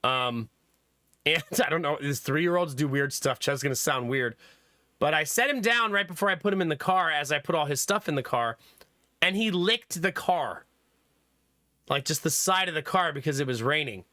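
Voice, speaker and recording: A young man chatting with his stream viewers as a father, telling animated stories and laughing often. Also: a little high, normal speed, no room sound, clean studio sound. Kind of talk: casual chat with stream viewers.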